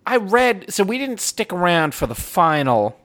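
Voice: medium pitch, moderate pace. A middle-aged podcast co-host ranting in a casual chat, swearing freely and talking with lots of energy. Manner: profane animated ranting.

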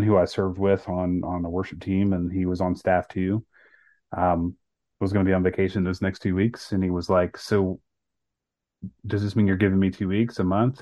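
A man with a very low voice tells a personal story on a podcast, earnest and full of ums and restarts. The sound is dry and somewhat dull, with no room echo. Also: warm tone. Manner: earnest, many fillers and restarts. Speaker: podcast co-host.

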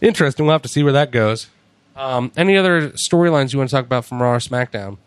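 A man chatting casually, retelling events with lively acted-out quotes as a podcast host. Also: medium pitch, fast, clear, resonant tone, no room sound. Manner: animated storyteller, acts out quotes. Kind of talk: casual chat recapping wrestling.

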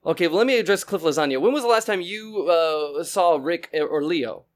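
A man's voice: on the high side, animated, moderate pace. A man hosting as a mock therapist in an improv comedy scene, stammering and earnest on a video call.

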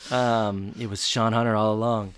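A speaker with a mid-range voice recaps a plot in casual chat. They keep the tone playful and jokey, dropping into quick bursts of character voices as they go. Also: medium pitch, flat delivery, clear, resonant tone. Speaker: podcast co-host recapping an episode.

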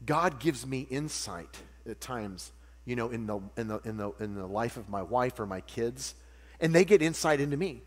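A man preaching a sermon, animated and jokey, acting out little voices as he teaches. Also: mid-range voice, normal speed. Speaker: pastor. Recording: long hall reverb with mains hum.

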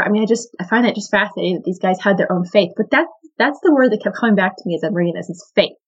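A woman's voice: mid-range voice, husky, dull audio. A woman hosting a podcast, teaching a Bible story in a casual, enthusiastic way, with lots of "I mean" and "like". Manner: chatty and enthusiastic, full of "I mean" and "like".

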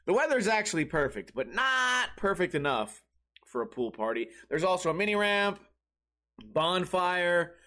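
A man's voice: high voice, very animated, unhurried, pushed and bright. A man in his thirties hosting a comedy podcast, telling rambling, profane stories and acting out the people in them. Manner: rambling, profane, mimics others in quoted bits. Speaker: podcast host. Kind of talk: casual comedic storytelling.

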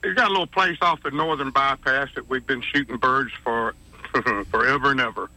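A man's voice: medium pitch, normal speed, sharp tone, poor audio. A man calling in to a radio show, friendly and rambling as he tells a story. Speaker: caller. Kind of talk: casual call-in chat.

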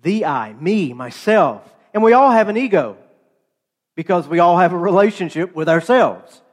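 High-voiced man preaching in a reverberant hall. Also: lively intonation, normal speed. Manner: storytelling, conversational with playful asides. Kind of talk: sermon.

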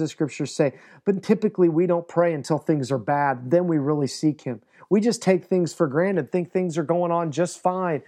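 A male pastor gives an earnest sermon. His voice sits a little high but sounds mellow and dark. Now and then he acts out the words of biblical figures. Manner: earnest preaching, acts out voices of God and Joshua.

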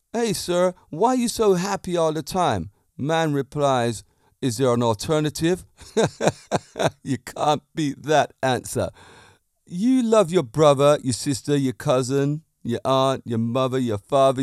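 A man's voice: fairly high pitch, a little mellow, clean tone, no room sound, studio quality. A man hosting a fitness lifestyle podcast, talking in an upbeat, preachy way and cracking jokes. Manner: upbeat and preachy, tells jokes, laughs often. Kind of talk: motivational podcast monologue.

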